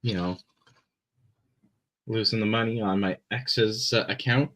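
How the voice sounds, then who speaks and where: Slow-talking Canadian man rambling on a stream. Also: on the low side, fairly even intonation, fairly bright tone, poor audio. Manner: rambling, filler-heavy talk with many pauses. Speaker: live-stream builder. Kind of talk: casual live-stream chat.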